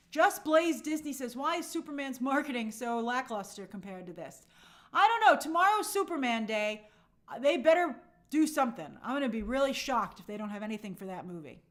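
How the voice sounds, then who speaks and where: Chatty woman hosting a live stream. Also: on the high side. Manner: casual, thinking aloud with frequent fillers. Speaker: host. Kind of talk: live-stream chat reading viewer comments.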